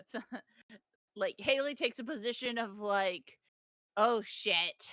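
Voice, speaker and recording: A woman playing a tabletop game, giggly and animated, swearing freely. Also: on the high side, takes it slowly, crowd noise. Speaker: player. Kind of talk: casual tabletop game play.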